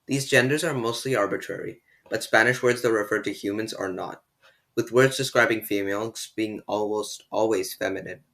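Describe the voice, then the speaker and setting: Low-voiced young man teaching basics. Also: vocal fry, fairly bright tone. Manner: explains step by step, slowing down to model pronunciation. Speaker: language tutor. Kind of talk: beginner language lesson.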